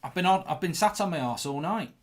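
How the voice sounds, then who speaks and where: A man hosting a live football watchalong, chatting casually and answering viewer questions in a lively way and swearing freely. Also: high voice, fairly quick. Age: older than 23. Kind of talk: casual chat.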